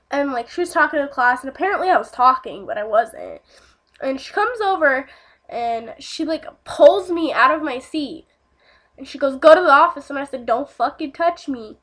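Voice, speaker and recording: A woman's voice: sits high, big pitch swings, a little slow, long pauses, fairly bright tone. A young woman telling a casual storytime vlog, rambling with lots of fillers and swearing.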